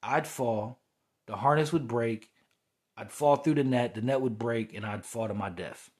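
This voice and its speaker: A young man with a husky, breathy voice pours out a personal spiritual monologue. He rambles and repeats himself, and his pitch sits in an ordinary middle range. He often checks in with "you know what I'm saying". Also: normal speed, darkish tone. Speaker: podcast host.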